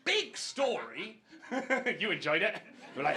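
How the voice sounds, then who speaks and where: A man's voice: sits high, sing-song, measured pace, bright, forceful tone. A man with a Welsh accent doing wry, exasperated stand-up comedy on a club stage. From Wales. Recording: live club recording, audience noise.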